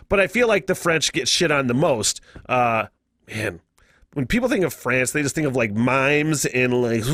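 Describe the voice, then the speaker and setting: A man's voice: fairly high pitch, a bit bright, no room sound. An American man hosting a casual solo podcast, profane and laughing often, on a close mic. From United States. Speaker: podcast host.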